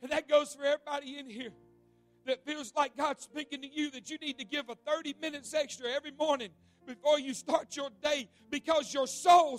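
High-voiced preacher telling a dramatic story. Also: male voice. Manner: dramatic storytelling with repeated words, swings from loud to hushed. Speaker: pastor. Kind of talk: evening church sermon. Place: church sanctuary.

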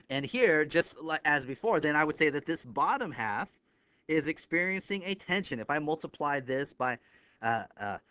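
A man lecturing on an engineering topic at a whiteboard, thinking aloud step by step and marking each step with a quick 'bam'. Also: a little high, sharp tone, clear, resonant tone, no room sound. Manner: explains step by step with frequent 'right here'. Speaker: engineering instructor. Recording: slightly dull, lo-fi dry recording.

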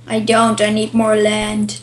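A woman's voice: mid-range voice, completely flat delivery, slow, slight background noise. A woman playing a card game as a guest, answering in short, smug, dry lines during casual banter. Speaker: guest player. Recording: roomy echo.

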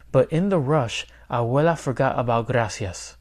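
A man, a teacher, reading a children's picture book aloud in clear, steady storytelling. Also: medium pitch, moderate pace, few pauses. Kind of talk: children's read-aloud narration.

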